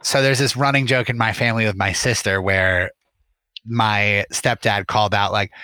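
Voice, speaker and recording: A man's voice: lowish voice, fairly even intonation, moderate pace, sharp tone, no room sound. A young man co-hosting a podcast, sharing family anecdotes with frequent laughter. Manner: laughing, chatty storyteller. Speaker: podcast co-host. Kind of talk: casual chat.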